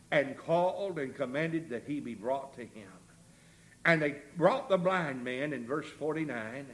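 A man preaching an impassioned revival sermon, swinging from shouts to low, quiet lines.

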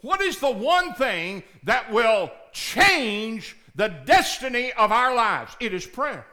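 A male pastor preaching a sermon, dropping to low murmurs and rising to shouted, pleading prayers. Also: big pitch swings, slow pace, few pauses.

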